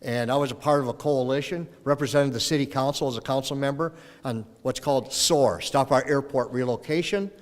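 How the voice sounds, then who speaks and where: His farewell as Minnesota's retiring mayor comes in a mid-range voice at a slightly fast clip. The middle-aged man spins folksy tales and imitates the people in them, while the city hall council chamber adds long reverb.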